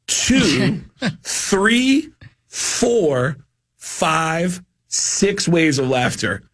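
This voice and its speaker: A male comedian telling animated, laugh-filled stories in a podcast chat, with a husky voice. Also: high-pitched. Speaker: comedian guest.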